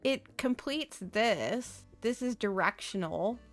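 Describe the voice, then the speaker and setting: A woman chatting casually to herself while decorating in a life-sim game, giggling and thinking out loud. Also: fairly high pitch, animated, slow pace, soft background music. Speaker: game streamer. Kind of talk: casual gameplay commentary.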